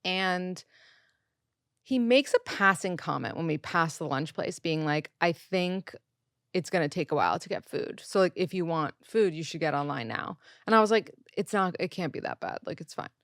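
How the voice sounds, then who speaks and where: A woman in her thirties, a podcast host, casually telling a story in an animated way and acting out the people she quotes. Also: fairly low pitch, normal speed, no room sound, studio quality. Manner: animated, quotes people in raised voices, swears.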